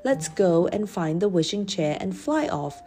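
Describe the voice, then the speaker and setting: A woman's voice: fairly low pitch, animated, measured pace, dark tone. A woman reading a storybook aloud and voicing a cautious young boy who whispers urgently.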